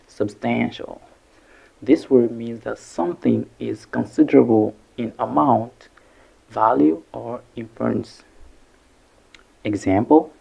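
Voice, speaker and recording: Gravelly, husky male English teacher. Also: mid-range voice, dark tone. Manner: repeats syllables slowly and deliberately. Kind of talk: pronunciation lesson. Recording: dull lo-fi recording.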